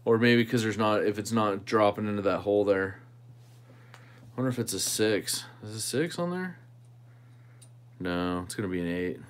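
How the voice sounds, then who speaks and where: A man's voice: on the low side, normal speed, long pauses. A man hosting a knife channel livestream, chatting casually with viewers and thinking aloud while he tinkers with a knife.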